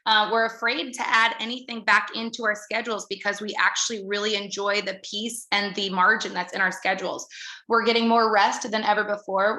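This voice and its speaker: Fast-talking woman giving a bright pep talk. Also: mid-range voice, reverberant. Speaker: business coach. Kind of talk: motivational talk to a team.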